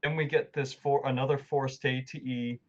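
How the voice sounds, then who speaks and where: An easygoing man co-hosting a gaming podcast at a medium pitch. He recaps the story casually and laughs along readily. His mic sounds slightly dull and lo-fi. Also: fairly even intonation, moderate pace. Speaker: podcast co-host. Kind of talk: casual game walkthrough chat.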